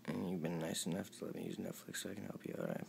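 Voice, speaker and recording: A young man with a very deep voice and a gravelly rasp reads his text messages aloud. He sounds emotional and pleading, and his voice drops low and quiet at times. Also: steady tone, rapid-fire, a little hiss or hum. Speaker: vlogger. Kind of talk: reading out text messages to camera.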